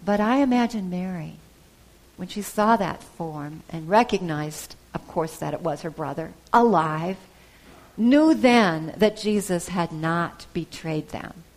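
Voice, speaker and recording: A woman preacher giving a sermon, retelling a gospel story with soft pauses and the odd hesitation. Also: medium pitch.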